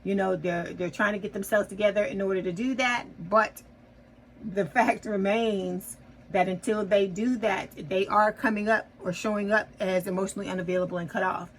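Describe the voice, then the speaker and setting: A woman's voice: medium pitch, fairly even intonation, moderate pace, a little hiss or hum, rough recording. A woman giving a casual tarot reading to her viewers, chatty and reassuring, often checking in with "okay?". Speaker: tarot reader.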